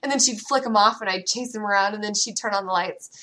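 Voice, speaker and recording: A woman in her thirties co-hosting a casual parenting chat, telling lively stories about her kids. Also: mid-range voice, fast talker. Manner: animated storyteller, acts out her kids' voices. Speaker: podcast co-host.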